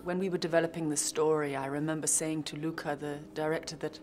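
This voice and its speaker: A woman's voice: sits low, level tone, fast, over loud music. A woman actress answering interview questions in a reflective way, often restarting her sentences and adding playful asides.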